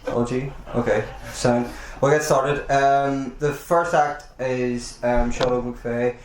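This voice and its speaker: A man's voice: mid-range voice, steady tone, slow pace, a little hiss or hum. A man hosting a live poetry night in a bar, hesitant and apologetic, with lots of ums. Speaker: event host. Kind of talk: casual live introduction. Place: bar function room. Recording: echoey live room with crowd chatter.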